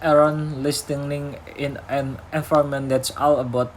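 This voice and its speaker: Young Indonesian student, male, slightly high-pitched, reads a class talk haltingly with slips and restarts. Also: little pitch movement, slight background noise, poor audio. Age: young adult. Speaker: university student. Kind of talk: retelling a talk for a class assignment.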